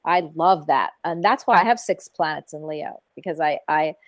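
A woman hosting a casual call-in radio show, effusive and quick to laugh. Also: low voice, dry recording.

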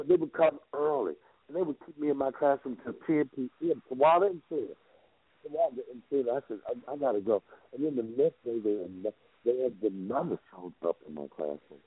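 A man's voice: slightly rough, dry recording. A man who is a guest vocal coach, telling a long story on a radio show in an emphatic, repetitive way, heard through a phone line. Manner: emphatic, repeats himself, jumps between pitch levels.

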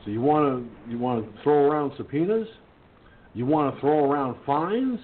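A man's voice: fairly high pitch, expressive, moderate pace. Man ranting over a tinny phone line. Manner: reads news then rants, profane and indignant. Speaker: talk radio host. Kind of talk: internet radio news commentary. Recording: tinny phone-line sound with faint hiss.

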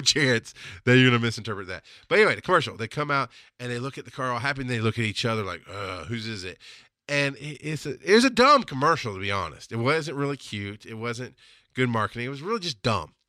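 A man's voice: lowish voice, bright, forceful tone, no room sound, studio quality. Blunt, profane man ranting on his podcast. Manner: blunt, profane, rising into heated rants. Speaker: podcast host. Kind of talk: solo podcast monologue.

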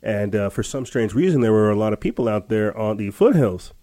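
A man's voice: on the low side, animated, brisk, warm tone, no room sound. A man hosting a podcast, telling a story in a rambling casual way with many restarts and laughs. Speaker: podcast host. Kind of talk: casual chat.

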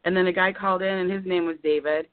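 A caller in her fifties, lowish-voiced and steady in tone, talks at a quick pace on a dry, tinny phone line during a live call-in show. Near tears, she rambles in emotional bursts.

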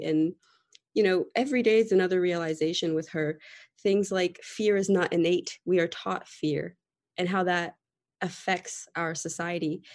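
A woman's voice: fairly low pitch, a little mellow. A young woman, a guest on a group video call, talking in a rambling, heartfelt way with many fillers. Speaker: podcast guest. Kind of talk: casual sharing in a group call.

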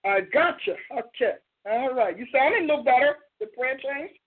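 A woman with a husky, slightly breathy voice leads a fervent prayer and then hosts the callers. She speaks in flowing, repeated phrases. The sound is thin and tinny, like a phone line. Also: sits high, expressive, normal speed. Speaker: radio show host and prophet. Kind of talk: fervent spoken prayer and call-in hosting.

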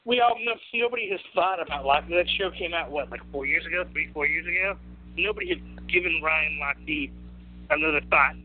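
A man's voice: a little high, a little fast. A man co-hosting a casual podcast chat, rambling with frequent restarts and stammers. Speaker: podcast co-host. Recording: tinny phone-like line.

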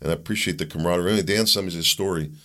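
A middle-aged man hosting his own podcast, rambling and animated, mocking his opponents in put-on voices. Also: low voice, very fast. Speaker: podcast host. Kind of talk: opinion podcast monologue.

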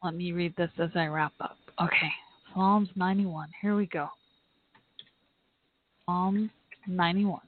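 Woman podcast host, earnest and halting, heartfelt, over a tinny phone line. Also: lowish voice, fairly even intonation, no room sound. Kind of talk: live podcast talk and reading aloud.

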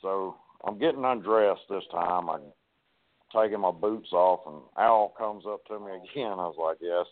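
A man, a wrestling guest telling profane, animated stories and acting out the dialogue. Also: sits low, normal speed, no room sound. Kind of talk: casual storytelling on a podcast. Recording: tinny phone-like line.

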